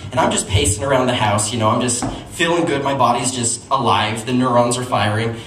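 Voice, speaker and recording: This stand-up set comes from a young Utah man with a medium-pitched voice who speaks a little fast, spinning animated stories and tossing asides to the crowd. The comedy club recording is echoey and noisy, captured at a distance, with laughter and room sounds throughout.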